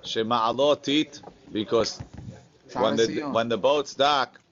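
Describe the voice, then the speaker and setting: A man's voice: medium pitch, slow, fairly bright tone, muffled recording. A man teaching a Talmud class, chanting the Aramaic text and then explaining it in plain English, with the odd joke to his students. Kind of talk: Talmud class, reading and translating.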